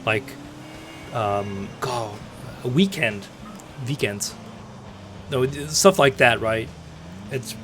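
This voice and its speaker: A man's voice: mid-range voice, a bit bright, slight background noise. A young man from the Netherlands, rambling casually while streaming a game. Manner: rambling, chatty, many fillers and restarts. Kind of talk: casual live-stream gaming chat. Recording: faint game ambience behind.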